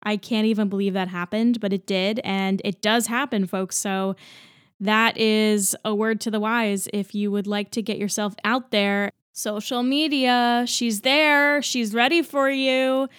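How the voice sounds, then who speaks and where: A woman's voice: mid-range voice, fairly even intonation, a little slow, clear, resonant tone, dry recording, clean studio sound. A woman in her twenties, a musical theater actor, hosting a solo podcast in an upbeat, chatty and enthusiastic way. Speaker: podcast host.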